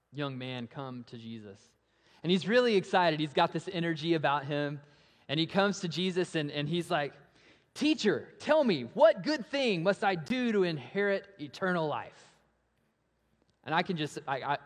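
A pastor with a voice on the high side preaches a sermon in a large hall with long reverb. He poses rhetorical questions, swells then drops to a hush, and grows animated when acting out story voices.

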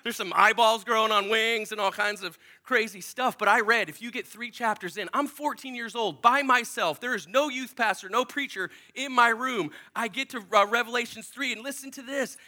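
A man preaching a personal testimony in a small church, telling his story with feeling and dropping to a hush for remembered prayers. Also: very high-pitched, normal speed, hardly any pauses. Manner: emotional storytelling, drops to near-whispers for inner prayers. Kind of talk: sermon testimony. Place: small church in a strip mall.

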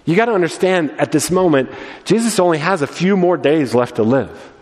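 A male pastor preaching in a church sanctuary, telling the story in an animated way and often stumbling over repeated words. His voice sits high, and the hall gives it a long, ringing reverb. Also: fairly quick. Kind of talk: sermon.

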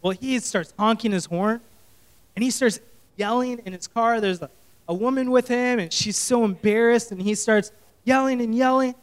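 A male pastor preaching and telling a story, animated and often correcting himself. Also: very high voice, moderate pace. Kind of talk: sermon storytelling.

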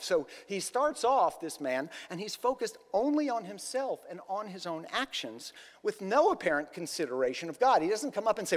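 Male pastor, conversational storyteller, very animated pitch. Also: normal speed, big-room sound. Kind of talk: sermon.

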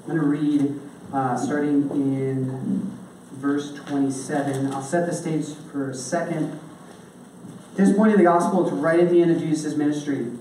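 A preacher talks through a sermon in a loose, everyday way, pausing to check in with "okay?". The voice sits some way from the mic in a very echoey hall. A faint hiss runs underneath. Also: mid-range voice, steady tone, mellow, recorded from a distance. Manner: casual, checks in with the listeners by asking "okay?". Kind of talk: conversational sermon.

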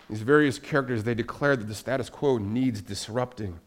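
A man's voice: medium pitch, a little fast, few pauses. A male pastor preaching a sermon emphatically, with repetition and rhetorical questions.

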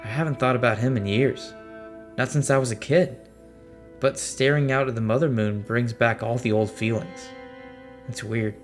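A man voicing a quiet, reflective male crewmate who speaks softly. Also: mid-range voice, steady tone, normal speed, soft background music, natural voice. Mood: wistful. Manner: soft, reflective.

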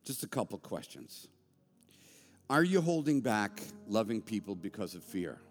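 Animated preacher in a reverberant hall. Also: male voice, on the low side, measured pace, faint music behind. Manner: animated, conversational preaching with asides. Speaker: pastor. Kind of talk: sermon. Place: church sanctuary.

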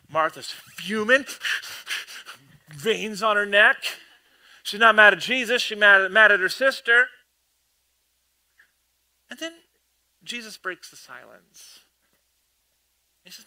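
High, sharp-voiced male preacher. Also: takes it slowly, long pauses. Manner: humorous, self-deprecating, animated storyteller, repeats words. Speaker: pastor. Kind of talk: sermon.

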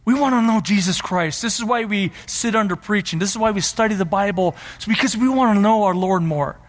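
A man's voice: high voice, a little fast, in a large hall. A man preaching a sermon as pastor, emphatic and repeating his key phrases.

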